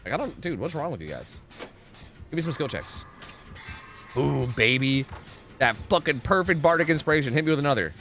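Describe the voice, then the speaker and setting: Excitable, swooping man streaming a game. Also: quick pace, faint music behind. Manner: excitable, profane, swings from loud pleading to low mumbling. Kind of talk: live gaming commentary with chat.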